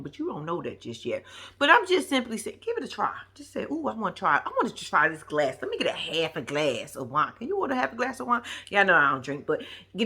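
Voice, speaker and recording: A woman with giving a slangy, animated casual recap of a reality show, acting out the quotes. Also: fairly low pitch, husky.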